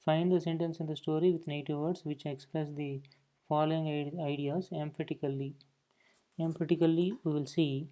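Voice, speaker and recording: A man's voice: on the high side, fairly even intonation, normal speed, warm tone. Man teaching a lesson. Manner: explanatory, repeats "okay" between points. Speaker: English teacher. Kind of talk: classroom lesson explaining grammar.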